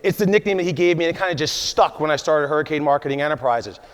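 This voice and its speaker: A man in his forties from the USA delivers an emphatic motivational keynote at a conference, frequently checking in with the audience by asking "right?". His voice is slightly high and his pace quick. The recording carries the long reverb of a large conference hall.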